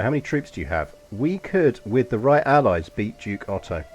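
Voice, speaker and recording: A man with a softened London accent and a slight New York touch, chatting casually and swearing at the game as he thinks aloud while streaming. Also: mid-range voice, very animated, moderate pace, slight background noise.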